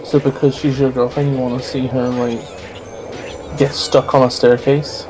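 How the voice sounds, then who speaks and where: A man chatting casually on a gameplay stream at a desk mic, his voice sitting at an ordinary middle pitch. He rambles through opinions, doubling back and correcting himself as he goes, with faint game music underneath. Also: little pitch movement, moderate pace. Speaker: streamer co-host.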